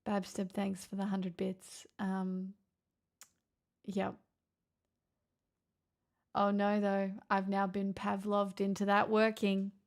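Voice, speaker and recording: A woman's voice: mid-range voice, completely flat delivery, takes it slowly, pauses often. A woman livestreaming, chatting playfully and teasingly with her viewers. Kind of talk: casual live-stream chat.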